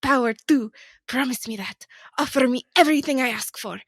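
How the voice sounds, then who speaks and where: A woman voicing a vengeful Spanish swordsman in a put-on Spanish accent. She declaims the lines loudly and laughs between them. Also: sits high, brisk, dry recording, studio quality. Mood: declaiming.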